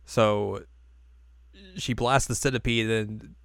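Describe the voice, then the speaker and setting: A woman's voice: rumbling low, steady tone, slow, creaky, smooth, no echo. Give me a dry-miked woman joking through an anime recap. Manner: jokey, acts out characters in silly voices. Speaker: podcast co-host. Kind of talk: casual chat recapping an anime episode.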